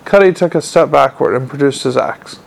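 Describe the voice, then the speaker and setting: A man narrating an audiobook in a steady, measured storytelling manner. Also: mid-range voice, creaky, rough recording. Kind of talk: scripted narration.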